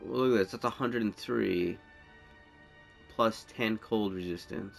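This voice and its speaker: A man's voice: lowish voice, a little slow, vocal fry, faint music behind. A man giving casual gameplay commentary, rambling and thinking aloud as he plays. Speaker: gameplay streamer.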